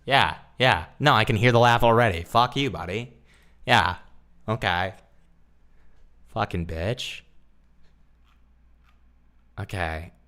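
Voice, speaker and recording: A man hosting casual reaction commentary, crude and sarcastic, swearing constantly and dropping into low mumbled asides. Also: slow, long pauses, bright, forceful tone. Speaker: commentary host.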